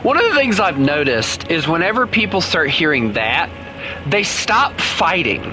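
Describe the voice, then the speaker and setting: A man's voice: a little high, sing-song, unhurried, music in the background. A man casually commenting on his own gameplay while streaming, chatty and laughing often as he talks to himself. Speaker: gaming streamer. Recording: noisy game audio underneath.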